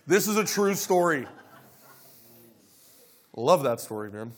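A man preaching a sermon, telling stories and acting out scripture dialogue, dropping to quiet asides between loud exclaimed lines. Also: a little high, sing-song, slow. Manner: storytelling, swings from soft asides to loud dramatic quotes; acts out dialogue of scripture characters. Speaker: pastor.

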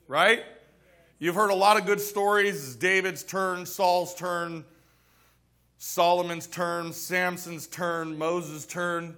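A man's voice: a little high, pushed and bright. A male pastor preaching a casual, joking sermon in church, acting out little scenes as he goes.

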